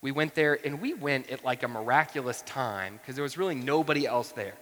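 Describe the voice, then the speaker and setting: Pastor in his 30s, bright forceful tone, chatty storytelling sermon, big hall reverb. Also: medium pitch, fairly quick. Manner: conversational storytelling, frequent asides. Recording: long reverb from a large hall.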